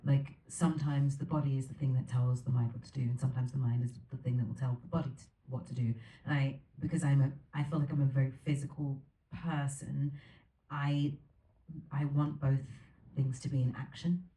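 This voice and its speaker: A woman's voice: a bass voice, little pitch movement, a little fast, dark tone. A woman as the featured guest at an onstage Q&A, answering in an earnest, reflective way and laughing easily. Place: theater stage before an audience. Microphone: recorded from the audience, far from the stage. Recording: echoey theater from far off, faint noise.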